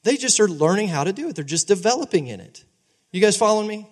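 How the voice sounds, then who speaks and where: A man in his thirties preaching a sermon as pastor, animated and conversational, often asking the congregation for agreement. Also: high-pitched, fast. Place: church sanctuary. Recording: long reverb of a large hall.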